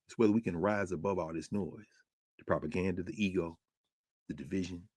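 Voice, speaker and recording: A man's voice: deep voice, steady tone, a little fast, a little mellow, breathy edge, no echo. A man hosting a podcast, delivering a rhetorical spoken essay with a preacherly cadence. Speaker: podcast host.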